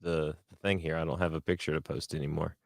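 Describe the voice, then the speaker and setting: A man co-hosting a podcast in casual joking banter, teasing his partner and cutting in with quick jokes. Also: rumbling low, level tone, creaky, no room sound, studio quality. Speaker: podcast co-host.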